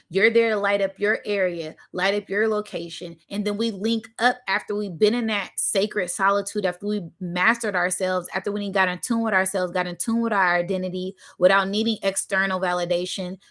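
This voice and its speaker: The young woman hosting this spiritual channel speaks in a mid-range, fairly bright voice during a fervent livestream monologue. She's preachy and emphatic, peppering it with curses plus repeated "right?" and "y'all," and is emotional and near tears.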